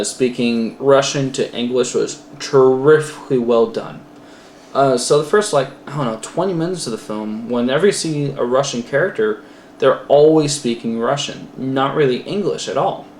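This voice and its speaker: A man's voice: mid-range voice, a little mellow. A man casually reviewing a film for a class, rambling with many fillers and self-corrections. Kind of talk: casual spoken movie review. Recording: roomy echo, faint background noise.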